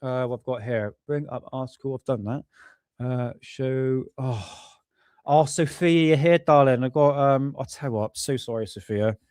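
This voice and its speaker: A man's voice: mid-range voice, moderate pace, darkish tone, clear, resonant tone, no room sound, clean studio sound. A man casually hosting a live stream, rambling, apologizing often and swearing offhandedly. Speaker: livestream host.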